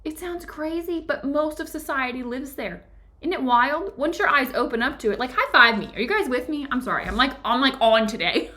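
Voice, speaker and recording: Upbeat woman teaching a book club on a live stream, bright higher voice, laughs a lot, says "like" and "right?" all the time. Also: very animated, normal speed. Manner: enthusiastic, chatty, laughs often, many "like" and "right?" asides.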